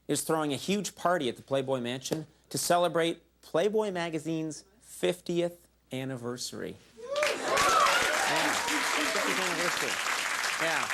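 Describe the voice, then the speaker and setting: A man's voice: on the high side, background noise. A man hosting a late-night show, delivering a comedy monologue with self-mocking asides on a studio stage. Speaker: talk show host. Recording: live studio audience laughter and applause.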